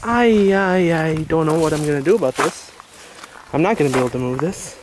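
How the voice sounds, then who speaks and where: A man's voice: on the high side, fast, background noise. A man filming himself outdoors at a rural shooting range, rambling casually in a sarcastic, self-mocking way. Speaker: vlogger. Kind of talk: casual self-filmed vlog.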